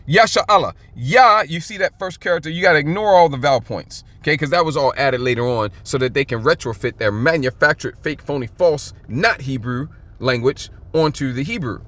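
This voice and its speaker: Male Bible teacher, emphatic and informal, brightish higher voice, keeps checking "okay?". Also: expressive, no echo. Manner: emphatic, repeats "okay?" often; reads scripture aloud slowly and stretched out.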